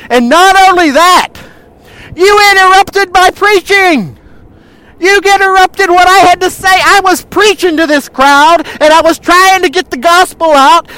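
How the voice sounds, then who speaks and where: A male preacher voicing an indignant man who complains loudly and emphatically about a ruined roof and an interrupted sermon. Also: extremely high pitch, dry recording, heavily acted, poor audio. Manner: raised, emphatic, aggrieved.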